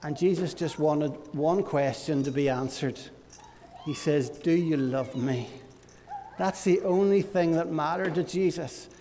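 Man, pastor, lively children's talk, fairly high voice, echoey church hall, faint noise behind. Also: measured pace. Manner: animated, playful storytelling to children.

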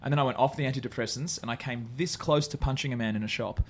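A man's voice: medium pitch, fast talker. Rambling comedian man. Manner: rambling, self-deprecating, swears, frequent restarts. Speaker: comedian guest. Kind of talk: candid podcast interview chat. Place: bar venue.

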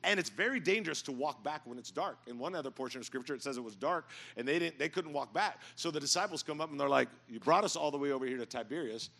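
A middle-aged man preaching a sermon in a church, telling stories and building to loud, emphatic points. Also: a little high, animated, fast talker, vocal fry, few pauses. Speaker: pastor. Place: church sanctuary.

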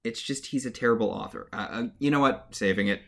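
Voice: medium pitch, fast, vocal fry, fairly bright tone. A podcast co-host recapping a show in casual chat, wry, mocking the characters in little put-on voices. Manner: wry, mock-voices characters when retelling.

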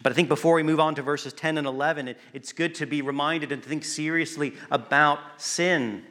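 A man delivering a sermon in a bright, forceful voice. He speaks earnestly and with emphasis, pausing for effect and now and then restarting a phrase. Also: on the high side, fairly even intonation. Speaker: preacher.

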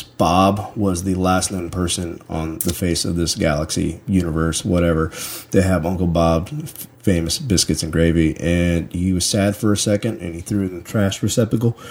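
A man's voice: sits low, little pitch movement, moderate pace, a little mellow. A man with a son, co-hosting a podcast and telling a rambling, profane comic story in casual chat. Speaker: podcast co-host.

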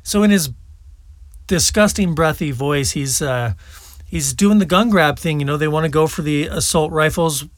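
A man's voice: on the high side, moderate pace, no room sound. A man hosting a political commentary show, talking casually and scornfully between played clips. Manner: scornful, mocking.

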